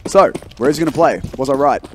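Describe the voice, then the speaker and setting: An Australian man calls a shooter match play by play, with a mid-range voice that climbs at big plays. Gunfire from the match plays clearly behind him. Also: fast talker, slight background noise. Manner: excitable, rising in pitch and volume at big plays. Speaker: esports caster. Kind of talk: play-by-play commentary. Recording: loud game gunfire behind.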